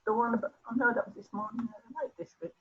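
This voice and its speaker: A woman's voice: fairly high pitch, quick pace, slightly rough. An older woman with a Birmingham accent, chatting reflectively as a participant in an online class over a video call. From Birmingham, England. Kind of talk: casual chat. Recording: dull lo-fi video call audio.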